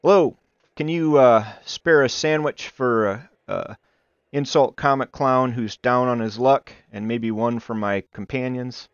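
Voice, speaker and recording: A cocky, down-on-his-luck clown who brags in rhyme, as a man puts him on, loud and pitched up above a plain speaking voice. The sound is dull and dry, with a smooth, clear tone. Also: unhurried, no room sound, lightly acted. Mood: pleading. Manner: cocky, boastful, rhyming. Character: down-on-his-luck male insult comic clown, brash rapper.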